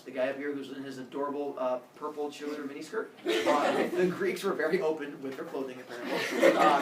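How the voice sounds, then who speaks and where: A man's voice: on the high side, far from the mic, heavy background noise. Joking male teacher in an echoey classroom. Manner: joking, playful storytelling. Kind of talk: classroom lecture.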